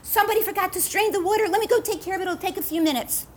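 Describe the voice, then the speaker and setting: Story voice: a woman playing a panicky innkeeper, higher and hurried, begging pardon. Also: warm tone, a little hiss or hum. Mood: flustered. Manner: hurried, pleading. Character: flustered apologetic male innkeeper, anxious.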